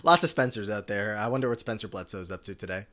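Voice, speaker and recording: A man's voice: lowish voice, fast, a bit bright. Rambling man recapping a quiz show. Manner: rambling, lots of "like" and "uh". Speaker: podcast co-host. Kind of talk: casual recap chat.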